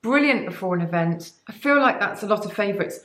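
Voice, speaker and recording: A woman's voice: mid-range voice, expressive, quick pace, fairly bright tone, reverberant. A woman, a beauty vlogger, chatting to camera about products with enthusiasm and rambling, cheeky asides. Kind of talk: sponsored product chat to camera.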